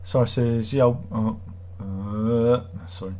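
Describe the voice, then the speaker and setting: A man's voice: medium pitch, steady tone, slow, warm tone. A middle-aged man hosts a livestream, chatting casually and reading viewer comments in a sarcastic, rambling way. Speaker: livestream host.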